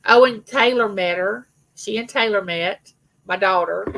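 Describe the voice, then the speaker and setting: A woman's voice: mid-range voice, measured pace, vocal fry, fairly bright tone, low-quality recording. A middle-aged woman hosting a casual live chat with her viewers, telling rambling personal stories. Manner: chatty, rambling storyteller, greets viewers by name. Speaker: livestream host.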